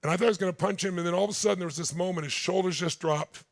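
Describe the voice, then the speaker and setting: Racing along in a high, creaky voice, a man in his sixties delivers a motivational seminar on a large stage before a live audience, telling intense stories and speaking straight to them. The recording is clean studio sound with no echo.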